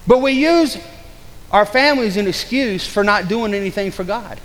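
A male pastor preaching a sermon, swinging between loud urgent passages and low hushed warnings, and acting out people's excuses in mocking voices. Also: lively intonation, moderate pace. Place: church. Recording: long hall reverb.

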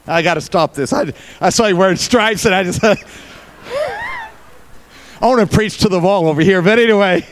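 A man's voice: sits high, normal speed, long pauses, slight background noise. A male pastor preaching a sermon, folksy, with joking asides to the congregation.

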